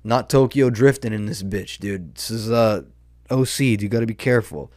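A man's voice: lowish voice, normal speed, darkish tone, dry recording, studio quality. A young man hosting a podcast, telling a story in a rambling, profane, slangy way. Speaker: podcast host. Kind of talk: casual storytelling monologue.

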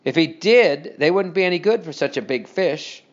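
A man reading a children's story aloud with steady, expressive storytelling. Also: on the high side, moderate pace. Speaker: narrator. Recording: dull lo-fi recording.

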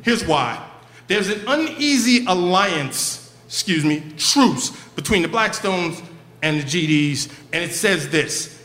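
A man telling a profane, comic story on stage at a live show, in an animated way. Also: sits high, takes it slowly. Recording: echoey live venue.

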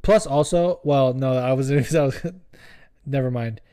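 A man's voice: mid-range voice, unhurried, warm tone, clear, resonant tone. A young man hosting a podcast, chatting in a rambling, profane, joking way. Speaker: podcast host. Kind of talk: casual podcast chat.

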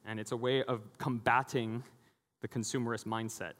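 A man's voice: medium pitch, level tone, moderate pace, a bit bright. Chatty pastor man in a reverberant hall. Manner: conversational, jokey, acts out quoted voices. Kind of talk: sermon.

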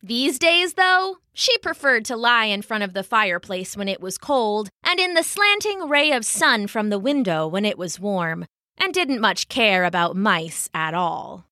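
A woman narrating a children's story in an expressive, animated way. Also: medium pitch, measured pace, no room sound, studio quality.

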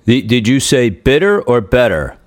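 A man's voice: mid-range voice, sing-song, moderate pace, no echo, clean studio sound. A man hosting a podcast interview, playful and joking in casual chat. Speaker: podcast host.

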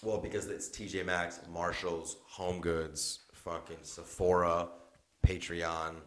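A man's voice: deep voice, level tone, unhurried. A young man co-hosting a podcast, rambling casually, laughing often and swearing freely. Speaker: podcast co-host. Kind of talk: casual chat.

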